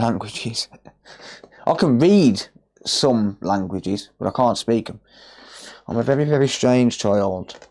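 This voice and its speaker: A man's voice: lowish voice, a little mellow. An English man, an electronics repair technician, chatting casually to viewers while working on a livestream, rambling and answering them by name.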